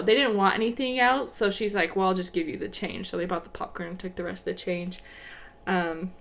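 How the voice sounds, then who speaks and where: A young woman with a mid-range voice talks in a relaxed, chatty way as a podcast co-host. She reads out a listener's story casually, and her delivery is easygoing. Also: medium pitch. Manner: relaxed, chatty, laughs easily. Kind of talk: casual chat.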